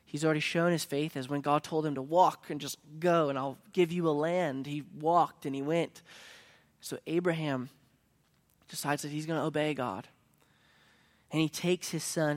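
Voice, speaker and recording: In a fairly high voice, a man delivers a sermon as a pastor, narrating a story that alternates between quiet passages and forceful ones.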